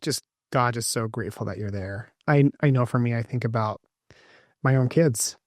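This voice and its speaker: A man's voice: mid-range voice, normal speed, no room sound, clean studio sound. A man hosting a podcast, responding reflectively to his guest and adding his own thoughts in a casual conversational way. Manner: reflective, building on the guest's story with lists. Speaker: podcast host. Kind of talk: casual chat.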